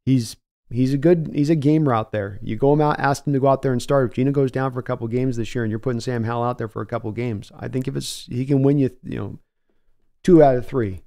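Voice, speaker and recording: A man's voice: mid-range voice, fast, vocal fry, warm tone. A man hosting a live-stream show in casual chat, thinking aloud as he reads and answers viewer comments from home. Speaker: podcast host.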